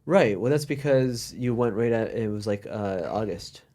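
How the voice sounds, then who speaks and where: A man's voice: lowish voice, normal speed, mellow. An American man hosting a casual podcast chat, telling stories animatedly with lots of fillers and restarts. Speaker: podcast host.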